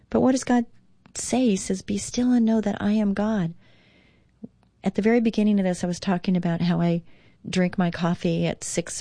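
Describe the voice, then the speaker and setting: A woman hosting a devotional radio talk show, speaking earnestly and slowly reading passages. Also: fairly low pitch, mellow, dry recording, clean studio sound.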